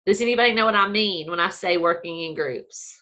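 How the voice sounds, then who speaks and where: A woman's voice: lowish voice, fairly quick, sharp tone. A woman, casually hosting a live video call for her team, chatty and laughing easily. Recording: dull lo-fi.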